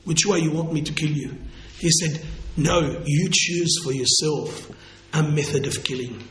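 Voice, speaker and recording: A male Islamic lecturer telling a story in a lecture, halting and restarting phrases, slowing down for emphatic quotes. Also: a little high, fairly even intonation, a bit bright. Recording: echoey room with faint noise.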